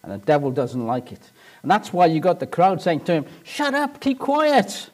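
Man, preacher, sermon, animated, emphatic, wide-ranging pitch. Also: a little fast. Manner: animated storytelling, rising to emphatic shouts.

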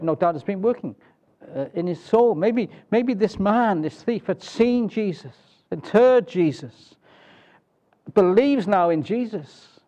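A man delivers a sermon deliberately and emphatically, often ending his points with rhetorical tag questions. His voice is high-pitched with a dark tone, and the sound is lo-fi.

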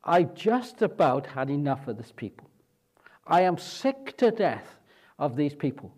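A man's voice: fairly high pitch, sing-song, measured pace, darkish tone. A man preaching and voicing an exasperated, fearful aging prophet who is fed up with his people. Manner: complaining, rising exasperation.

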